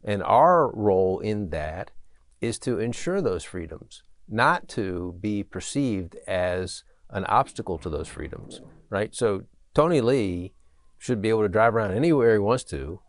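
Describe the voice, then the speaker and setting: Earnest low-voiced man, dry sound. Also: lively intonation, unhurried, no room sound. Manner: earnest, emphatic, keeps asking "right?". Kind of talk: casual conversation.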